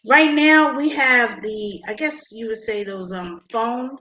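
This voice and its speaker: A woman being interviewed about her invention, talking with many pauses and restarts. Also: fairly high pitch, sharp tone, low-quality recording. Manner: halting, many ums and restarts. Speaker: inventor guest.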